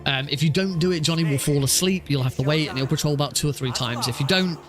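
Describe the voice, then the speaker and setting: A man's voice: fairly high pitch, fast, soft background music. Rambling young man streaming a speedrun. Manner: rambling, many fillers and restarts. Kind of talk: live stream game commentary.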